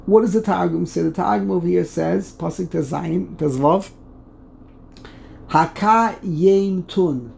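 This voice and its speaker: A woman teaching a text study lesson, reading slowly, often restarting and then stressing points with emphasis. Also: fairly low pitch, gravelly, dark tone, slight background noise.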